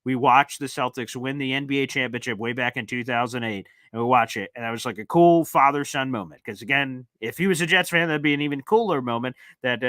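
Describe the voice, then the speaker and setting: A young man hosting a live sports fan call-in show, talking in an excitable, rambling and emphatic way. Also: medium pitch, dry recording. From northeastern United States.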